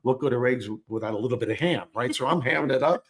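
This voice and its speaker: A man tells a personal story in an easy, conversational way. He is animated and self-deprecating, and he acts out the lines he quotes. His voice sits at a middle pitch. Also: fast talker. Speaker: guest storyteller.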